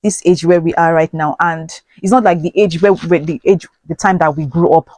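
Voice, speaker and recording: A woman's voice: on the low side, steady tone, brisk, a little mellow, no room sound. A woman hosting a parenting channel, giving earnest, preachy advice to camera with rhetorical questions and many fillers.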